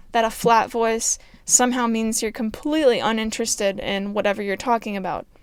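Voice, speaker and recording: A podcaster delivers a casual solo monologue, earnest and explanatory, in a naturally flat, even tone. Her slightly high voice is smooth and clear, recorded close in a dry space.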